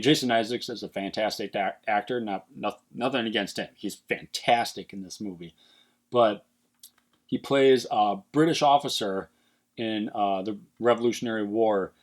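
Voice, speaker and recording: A man casually ranking movie villains, animated and emphatic, swearing often and using many fillers. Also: lowish voice. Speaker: movie list vlogger.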